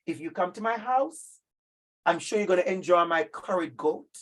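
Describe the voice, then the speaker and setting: Middle-aged man, Jamaican accent, workshop presenter, emphatic, animated delivery, speaks straight to his listeners. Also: high-pitched, normal speed. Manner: emphatic and animated, addressing listeners directly by name. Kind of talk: lively professional-development talk.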